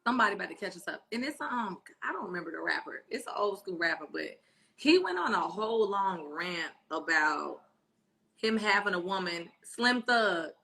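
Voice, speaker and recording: Brash, bright-voiced woman host. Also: medium pitch, big pitch swings, moderate pace, creaky. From born in Spain, raised in Florida and Texas. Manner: brash, teasing, swears freely. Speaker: livestream co-host reading comments. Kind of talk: casual live-stream chat.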